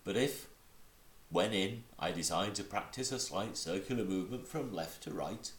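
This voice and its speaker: A man putting on a gloomy old donkey who answers everything dryly and with sarcasm, aloof and unimpressed. The voice sits low and rises and falls a lot, with a roomy echo behind it. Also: expressive, moderate pace. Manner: dry, sardonic, aloof.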